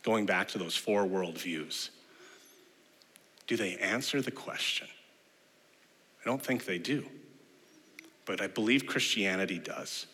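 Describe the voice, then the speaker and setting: Male pastor preaching, bright and forceful, lively storyteller, long hall reverb. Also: low voice, takes it slowly, pauses often, slightly rough. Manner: animated storyteller who acts out quoted voices. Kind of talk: sermon.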